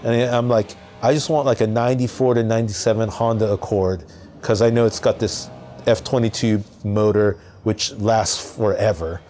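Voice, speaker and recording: A man from Southern California, a podcast guest, telling a personal story in a casual, animated way with lots of fillers. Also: lowish voice, normal speed, faint music behind.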